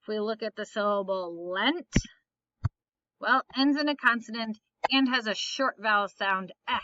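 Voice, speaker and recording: Bright-voiced woman teaching phonics. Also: medium pitch, normal speed, dry recording, highs cut off. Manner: patient, asks and answers her own questions. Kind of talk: phonics lesson.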